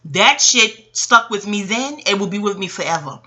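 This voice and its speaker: Bright-voiced woman in her forties. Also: medium pitch, moderate pace. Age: 40s. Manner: animated, profane, laughing asides. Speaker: astrologer. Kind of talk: casual rambling monologue.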